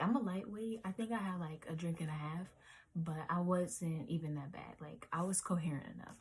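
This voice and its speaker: A woman's voice: fairly low pitch, darkish tone, a little hiss or hum. A woman in her twenties telling a rambling storytime vlog story, full of "like" and "um", sometimes dropping to a whisper. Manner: rambling, lots of "like" and "um", drops to whispers. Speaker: vlogger.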